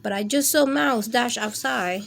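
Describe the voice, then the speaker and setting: A woman's voice: on the high side, unhurried, creaky, fairly bright tone, a little hiss or hum. A woman voicing a friendly, helpful fish in a storybook for kids.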